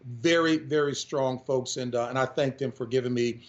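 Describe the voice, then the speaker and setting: Lively storytelling man, lo-fi sound. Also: medium pitch, normal speed. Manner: lively storyteller who keeps addressing the host. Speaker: sportscaster and guest. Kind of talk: storytelling in a radio interview.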